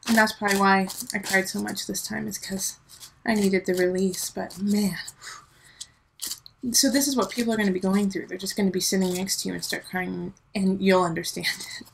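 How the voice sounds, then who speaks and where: Casting note: woman in her thirties, tarot reader, gravelly fry, chatty and heartfelt. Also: medium pitch, flat delivery, moderate pace, a little hiss or hum, low-quality recording. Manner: chatty, emotional, talks straight to viewers. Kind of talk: casual monthly tarot reading.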